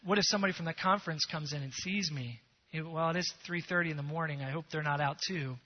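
A man's voice: a little high, quick pace, big-room sound, lo-fi sound, a little hiss or hum, lightly acted. A man doing an earnest tired traveler. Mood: nervous. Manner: earnest, eager, slightly hesitant.

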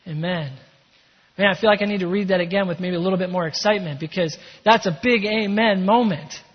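Male pastor, preaching, high-pitched voice, long church reverb, muffled recording. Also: fairly quick, slightly rough. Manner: emphatic preaching with shifts between energy and hushed calm. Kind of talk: sermon. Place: church sanctuary. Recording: dull sound in a reverberant hall.

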